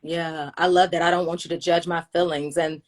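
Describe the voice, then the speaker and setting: A woman hosting a relaxed video chat, telling stories and acting out what people said to her. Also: a little fast. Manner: animated, acts out quoted dialogue with big pitch jumps. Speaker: host. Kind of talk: casual chat on a video livestream.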